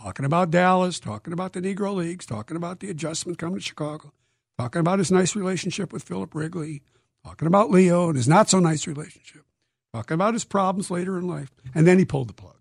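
A man, an author being interviewed, telling stories in a lively, dramatic way and acting out quotes. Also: sits high, fast, gravelly, slightly rough, no echo, studio quality. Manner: lively, dramatic storyteller who acts out quotes. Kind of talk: animated interview storytelling.

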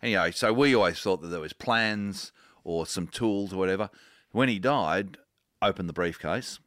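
A man's voice: deep voice, a bit bright, no echo. A middle-aged man co-hosting a chat show, telling stories unhurriedly and joking dryly. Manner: dry joking, unhurried storyteller. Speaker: podcast co-host reading from a book. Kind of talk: casual chat and storytelling.

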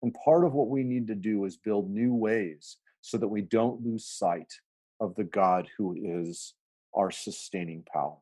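A man's voice: on the low side, a little slow, mellow, slightly rough. A man, a pastor, talking earnestly in a reflective podcast, telling stories with frequent restarts.

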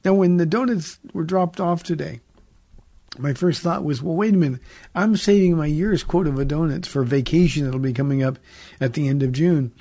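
A man's voice: fairly high pitch, normal speed, mellow, no room sound. A man, a pastor hosting a call-in radio show, teaching the Bible in a folksy, conversational way with jokes and stern emphasis.

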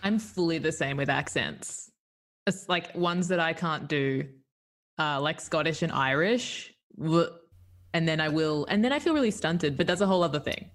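A woman, a guest improv teacher, chatting in an animated way with lots of fillers. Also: sits low, normal speed. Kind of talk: casual chat.

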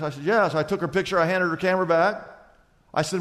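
A man preaching a sermon as pastor, telling stories and dropping from loud to hushed. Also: fairly high pitch, steady tone, fast. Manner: storytelling, swings from loud to hushed. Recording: long hall reverb.

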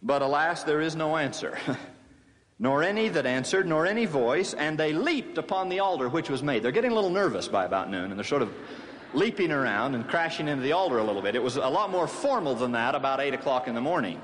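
A man delivers a sermon in a wry, playful storytelling manner, mixing scripture reading with dry jokes. His voice sits fairly high and moves animatedly up and down. The sound carries a long hall reverb over faint background ambience. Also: lively intonation, brisk, a bit bright, a little hiss or hum. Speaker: speaker giving a scripture talk. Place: large hall or tabernacle.

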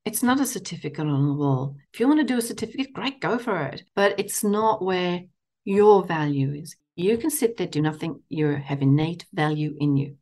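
A middle-aged woman, a counsellor and guest telling a personal story in an animated way, often laughing. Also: fairly low pitch, moderate pace. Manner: animated, laughing storyteller, acting out inner voices. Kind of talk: storytelling interview chat.

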